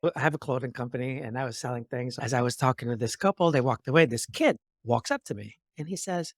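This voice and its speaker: Animated male podcast host, dry sound. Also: medium pitch, quick pace, few pauses, dry recording. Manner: acts out both sides of remembered dialogues with lively shifts; motivational, speaks in metaphors. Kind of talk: animated storytelling in conversation.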